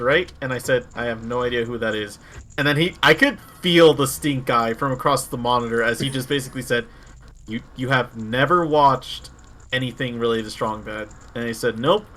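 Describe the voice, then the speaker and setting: A man's voice: mid-range voice, a bit bright, slight background noise. A man giving casual advice and telling rambling stories while his friend plays a game. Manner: chatty, rambling with restarts, laughs easily. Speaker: co-commentator. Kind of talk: casual gameplay chat.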